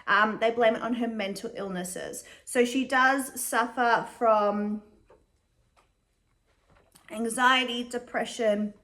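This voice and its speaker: A young adult woman giving casual commentary as a vlogger, chatty and measured, with frequent fillers. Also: a little high, steady tone, a bit bright.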